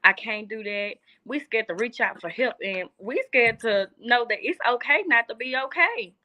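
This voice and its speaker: A woman's voice: fairly high pitch, lively intonation, moderate pace, pushed and bright. A young woman in casual conversation, speaking earnestly and from the heart, repeating phrases for emphasis. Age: young adult. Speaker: guest. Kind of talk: casual chat.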